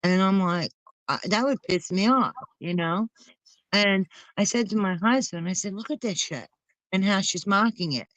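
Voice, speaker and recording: A woman's voice: mid-range voice, moderate pace, dry recording, low-quality recording. Blunt rambling woman, dry close sound. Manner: rambling, blunt, swears freely. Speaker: channel co-host. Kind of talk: casual chat.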